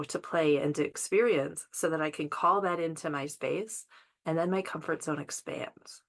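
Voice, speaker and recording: Low, gravelly woman, calm and measured. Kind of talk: casual spiritual conversation.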